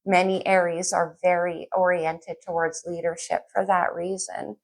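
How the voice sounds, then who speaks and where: A woman's voice: lowish voice, flat delivery, unhurried. A woman giving a casual tarot reading to camera, chatty and a little scattered, thinking aloud as she pulls cards. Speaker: tarot reader.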